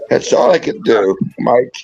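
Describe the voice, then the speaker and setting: A tipsy, tearful man pleading and apologizing in a halting, repetitive way on a livestream. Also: mid-range voice, expressive, gravelly, muffled recording, music in the background. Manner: halting, repeats himself, pleading. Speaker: livestream panel guest.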